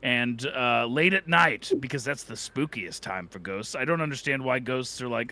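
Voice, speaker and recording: A man's voice: medium pitch, moderate pace, bright, forceful tone. A man co-hosting a podcast, telling a silly story that rambles and keeps slipping into character voices. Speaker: podcast co-host. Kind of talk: comedic storytelling. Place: away from the studio.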